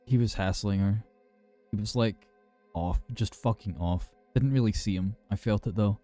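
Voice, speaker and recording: Man playing drunk guy on the phone, slurring, rambling, swearing, dark mellow voice, faint music. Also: on the low side, normal speed, natural voice. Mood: shaken. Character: drunk young British man calling for help, rattled.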